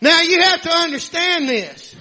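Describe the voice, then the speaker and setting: A man preaching a fervent sermon, often shouting, with frequent amens and hallelujahs. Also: very high-pitched, animated, normal speed.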